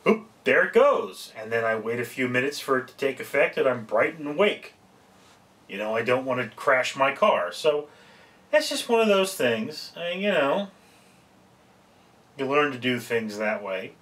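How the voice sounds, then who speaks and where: A man's voice: mid-range voice, fairly bright tone, distant mic. A man giving casual, rambling, folksy advice in a home vlog, often breaking off mid-sentence to correct himself. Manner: rambling, folksy, self-interrupting. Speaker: vlogger.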